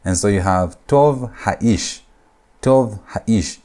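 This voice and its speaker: Male lecturer with a lowish voice, steady and deliberate teaching delivery, repeats key rules, slows down for foreign words. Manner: slows down to spell out Hebrew words. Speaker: Hebrew grammar lecturer. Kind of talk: recorded classroom lecture.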